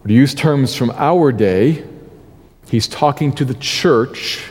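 Mellow-voiced preacher in a reverberant hall. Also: male voice, medium pitch, breathy edge. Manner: deliberate, stresses key words, slows for scripture. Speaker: pastor. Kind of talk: sermon.

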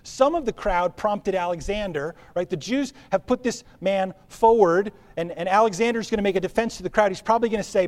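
A man preaching a sermon as pastor, with a conversational, animated delivery. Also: high voice, fairly quick, hardly any pauses. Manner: animated, conversational preaching with acted-out crowd voices.

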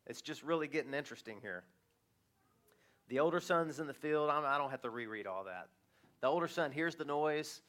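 A middle-aged man preaching a sermon as pastor, animated and chuckling, acting out the voices he quotes. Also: a little high.

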